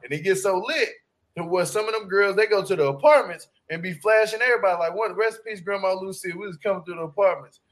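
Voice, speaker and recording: A man, chatting casually with loud, laughing, slangy, animated storytelling. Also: high-pitched, quick pace. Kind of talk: casual joking chat.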